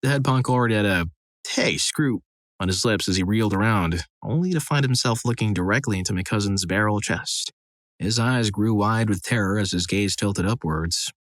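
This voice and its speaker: Low-voiced man narrating stories. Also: a little fast, no room sound. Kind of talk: scripted narration of reader stories.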